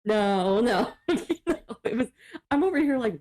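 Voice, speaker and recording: Chatty woman with a lively voice. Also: medium pitch, fairly quick. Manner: chatty, swears, lots of "like". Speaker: podcast co-host. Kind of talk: casual comedic chat.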